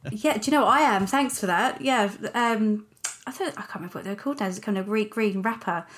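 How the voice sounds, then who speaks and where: A woman hosting an interview, warmly affirming her guest and asking questions. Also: medium pitch, brisk. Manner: enthusiastic, affirming. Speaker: podcast host.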